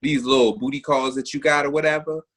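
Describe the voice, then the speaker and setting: A man's voice: mid-range voice, fairly even intonation, fairly quick, fairly bright tone. A man co-hosting a podcast, teasing his co-host in casual banter and laughing often.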